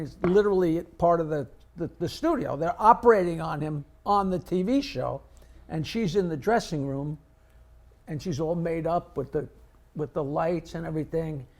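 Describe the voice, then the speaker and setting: Gravelly wisecracking male comedian. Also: fairly high pitch, darkish tone. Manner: wisecracking, teasing. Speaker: comedian co-host. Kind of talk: casual chat, joke telling.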